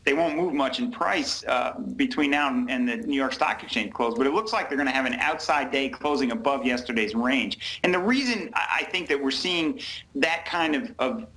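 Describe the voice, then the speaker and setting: A man interviewed as a commodity fund president, explaining the grain markets step by step in a measured way and citing figures. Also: mid-range voice, animated, pushed and bright, poor audio. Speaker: fund company president, guest.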